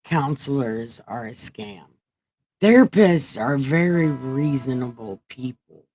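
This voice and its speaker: A woman's voice: very deep voice, lively intonation, slow, mellow, no echo, soft background music. A woman hosting a casual livestream, reading scripture in a rambling, profane, self-mocking way. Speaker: livestream host.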